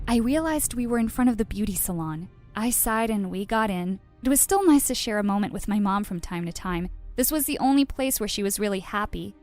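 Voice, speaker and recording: A woman's voice: mid-range voice, a little fast, hardly any pauses, darkish tone, no echo, soft background music. A woman narrating a first-person storytime in a dramatic, emotional way.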